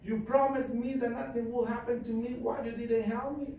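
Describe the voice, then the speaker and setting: Male performer: indignant dead man, high whiny complaint, distant echoey hall. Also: flat delivery, normal speed, dark tone, a little hiss or hum. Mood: aggrieved. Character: indignant drowned man complaining at heaven's gate.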